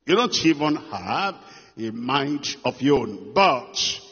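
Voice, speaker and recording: A man preaching a sermon, stressing and repeating phrases, moving between loud lines and hushed ones. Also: medium pitch, sing-song, slow pace, breathy edge. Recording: muffled long hall reverb.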